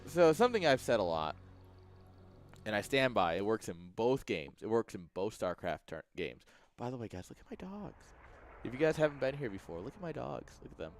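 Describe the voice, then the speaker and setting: Streaming from a home room with a webcam, a man casts a strategy game live and chats directly with his viewers, laughing often. His voice is fairly low, very animated, and fairly quick, with faint music behind it.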